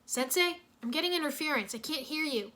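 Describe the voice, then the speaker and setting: A woman plays a hot-headed young male ninja leader in a storybook reading. He sounds urgent and commanding, with a bright edge to his voice. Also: high voice, expressive, a little fast, pitched above the performer's own voice. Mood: impatient.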